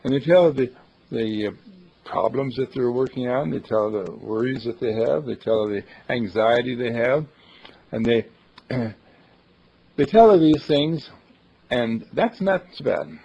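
A man's voice: medium pitch, measured pace, vocal fry, mellow, husky. A man, a university dean, telling a folksy, dramatic story as a thought for the day, on a dull lo-fi recording. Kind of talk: storytelling talk.

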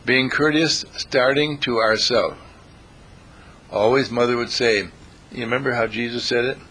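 A man giving a lively talk to a live audience as a counselor, asking the audience questions and acting out quotes. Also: mid-range voice, a little slow. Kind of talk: motivational lecture to a live audience.

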